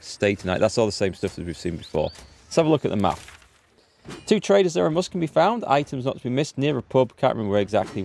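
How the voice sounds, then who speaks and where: Low-ish chatty streamer guy from northeast england, thinking out loud, bit of music under. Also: vocal fry. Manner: chatty, self-deprecating, thinks aloud. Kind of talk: casual live-stream commentary.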